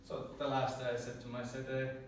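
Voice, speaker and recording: A man's voice: mid-range voice, completely flat delivery, fast talker, slight background noise. An Irish man giving a prepared humorous speech at a speaking club, joking and self-deprecating, often chuckling at his own lines. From Ireland. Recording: very echoey room, distant mic.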